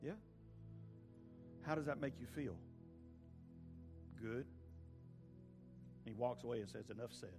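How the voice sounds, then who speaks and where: A man preaching a sermon, swinging from hushed pleading to loud fervent peaks. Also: medium pitch, takes it slowly, long pauses, music in the background. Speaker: pastor. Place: church sanctuary with a congregation.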